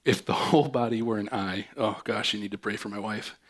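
A man's voice: fairly low pitch, fairly even intonation, brisk, fairly bright tone. A man preaching a sermon as pastor, upbeat and chatty, with joking asides between readings.

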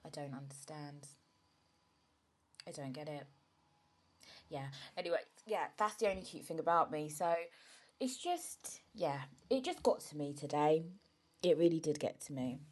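Casual vlog. Young woman, lowish voice, frank and chatty, a bit emotional. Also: sing-song, moderate pace, darkish tone, slightly rough. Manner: chatty and frank, swears, many fillers. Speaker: vlogger, mother. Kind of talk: casual chat to camera.

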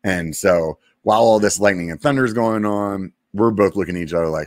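Deep-voiced man telling a war story. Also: no room sound, studio quality. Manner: laid-back, profane, drawn-out pauses and fillers. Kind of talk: casual storytelling.

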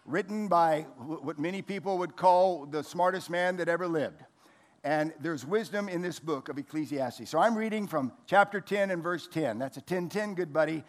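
A man's voice: a little high, normal speed. A man in his sixties, from the United States, preaching a folksy, joking sermon as a pastor in a church hall.

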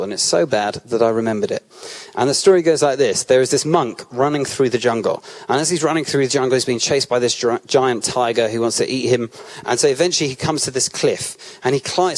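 British man, church speaker, conversational sermon, storytelling, restarts sentences, mid-pitched voice. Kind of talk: sermon with personal anecdotes.

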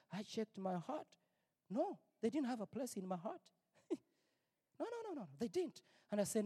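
A middle-aged male pastor preaching a personal testimony, emphatic and repetitive, sometimes rising to near-shouts. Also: high-pitched, very animated, moderate pace, pauses often, breathy edge. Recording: long reverb, big hall.

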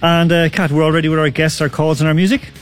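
A man's voice: a little high, flat delivery, fast. A man hosting a sports radio show in a studio, chatting casually, joking and rambling with lots of restarts. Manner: rambling, jokey, full of fillers and restarts.

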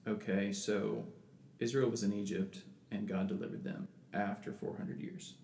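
Gravelly man in an echoey room. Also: fairly low pitch, fairly even intonation, a little mellow. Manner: thoughtful, halting with many restarts. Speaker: podcast co-host. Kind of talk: casual discussion, reading scripture aloud. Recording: echoey room with background noise.

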